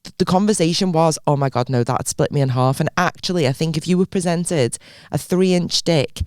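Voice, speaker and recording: A woman's voice: low-pitched, a little fast, a little mellow, no room sound, clean studio sound. A young adult woman co-hosting a podcast, bantering and teasing in casual comedic chat. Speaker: podcast co-host.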